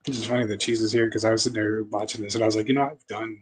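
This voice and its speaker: Male podcast host, husky voice, dry mocking humor, loose casual delivery. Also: on the low side, flat delivery, rapid-fire, poor audio. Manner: wry, profane, mocking asides. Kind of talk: casual movie review chat.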